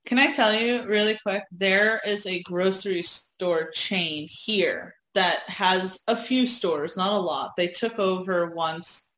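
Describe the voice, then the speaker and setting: A woman at a middle pitch talks casually and rambles from story to story, laughing often. Her voice carries an echo from the room. The talk is relaxed, loose banter. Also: slow pace, hardly any pauses. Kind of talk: casual chat. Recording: echoey room.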